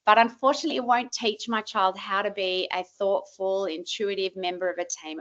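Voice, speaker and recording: A woman, a parenting expert, giving a lively, emphatic presentation to parents. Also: mid-range voice, lo-fi sound.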